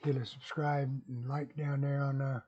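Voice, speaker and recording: A man's voice: medium pitch, flat delivery, normal speed, mellow, slightly rough, muffled recording. A man vlogging casually, rambling folksily and chuckling at his own jokes. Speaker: YouTube vlogger.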